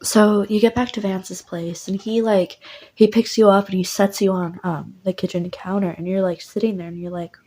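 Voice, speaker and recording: A woman's voice: mid-range voice, steady tone, normal speed, mellow. Rambling woman narrating casually. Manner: rambling, lots of "like". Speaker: voice actor narrating.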